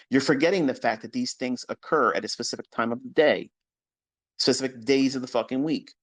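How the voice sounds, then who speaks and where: Profane, blunt man lecturing traders. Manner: swings from low, quiet stretches to loud, high outbursts. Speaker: trading mentor. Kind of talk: live audio-room talk to trading followers.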